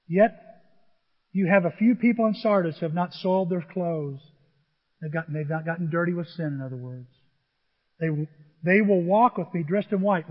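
An older man preaching a sermon, telling animated stories and acting out voices as he goes. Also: on the high side, long reverb tail, lo-fi sound. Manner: animated storytelling, mimics voices. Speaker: pastor.

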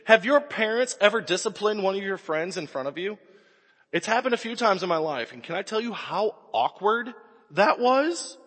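A man in his forties preaching a sermon, telling stories with animated swings and sudden shouts. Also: sits high, normal speed, breathy edge. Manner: animated storytelling, bursts into shouts. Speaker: pastor. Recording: echoey hall with long reverb.

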